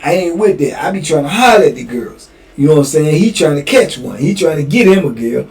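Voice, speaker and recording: A man's voice: on the high side, sing-song, a little fast, a little mellow, distant mic, soft background music. A man hosting a show, telling a prison story in a slangy, conversational way. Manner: slangy, conversational, drawling asides. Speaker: host telling prison stories.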